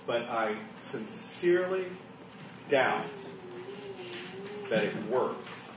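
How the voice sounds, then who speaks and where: A man preaching a sermon, swinging between hushed asides and loud, emphatic lines. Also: mid-range voice, animated, drawn-out words, noisy background. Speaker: pastor. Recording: echoey room, mic at a distance.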